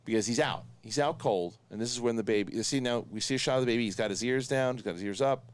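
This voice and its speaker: A man hosting a casual watch-along review, talking excitedly in quick bursts and laughing often. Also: medium pitch, no room sound. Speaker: host.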